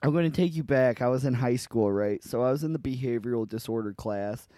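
A young man tells a winding story on a podcast, full of swearing and filler words. His pitch is middling and the recording is dry and close, with no room sound. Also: fairly quick, mellow, dry recording. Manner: rambling, profane, lots of fillers. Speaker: podcast co-host. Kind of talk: casual storytelling chat.

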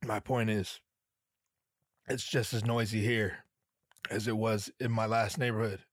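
A man hosting a podcast, with a hoarse, strained throat, telling rambling, sarcastic stories full of swearing. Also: on the low side, level tone, unhurried, no room sound, clean studio sound. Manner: profane, rambling, sarcastic storytelling. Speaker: podcast host. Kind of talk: casual comedic monologue.

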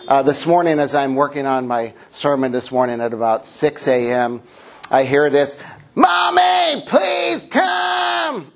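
A middle-aged man preaching a humorous sermon in a church, playful, sometimes acting out a child's shouts. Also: medium pitch. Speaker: pastor.

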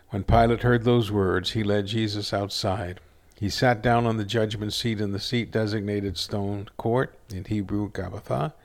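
A man reading a scripture passage aloud in a steady, earnest storytelling manner. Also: fairly low pitch, measured pace, creaky. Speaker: scripture reader.

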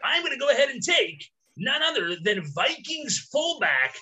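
Casual male podcast co-host, high bright voice, hams it up with loud game-show calls. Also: sing-song, normal speed. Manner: loud, hammy announcer bursts. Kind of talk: casual joking banter.

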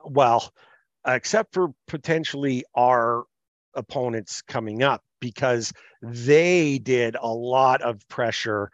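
A man hosting a podcast, chatting about sports in a measured way and thinking aloud with fillers. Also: medium pitch, no echo. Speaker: podcast host. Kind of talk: casual sports chat. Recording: slightly muffled, dry.

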